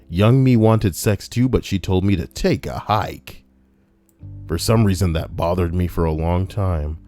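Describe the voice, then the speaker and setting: A man's voice: sits low, a little slow, dark tone, soft background music. A man narrating online party stories in a casual, matter-of-fact read. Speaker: narrator reading online posts. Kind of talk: casual story reading.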